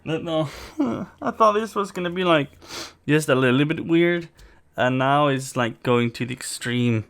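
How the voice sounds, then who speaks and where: A man's voice: fairly high pitch, unhurried, vocal fry, fairly bright tone. Rambling man with mixed English accent. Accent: mixed non-native English, part British, part American. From Sweden. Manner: rambling, opinionated, full of fillers. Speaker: reaction video host. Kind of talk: casual reaction commentary.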